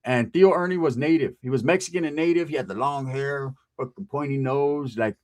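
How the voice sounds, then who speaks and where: A man's voice: medium pitch, brisk. A man telling a profane comic story about his past, acting out the people in it.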